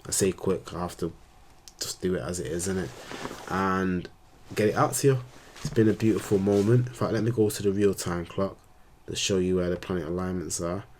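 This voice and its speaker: A man's voice: low voice, fairly even intonation, a little fast, a little mellow, a little hiss or hum. A man, an astrologer, rambling in slangy casual talk on his vlog. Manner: rambling, slangy, laid-back.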